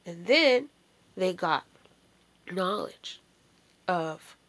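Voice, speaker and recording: A woman's voice: lowish voice, expressive, drawn-out words, fairly bright tone. A woman giving an informal sermon, emphatic and full of rhetorical questions. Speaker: preacher.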